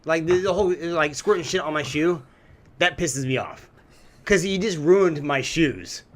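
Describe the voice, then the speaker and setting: A man's voice: on the high side, animated, a little slow. A man co-hosting a podcast in casual chat, complaining bluntly and sounding irritated. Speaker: podcast co-host.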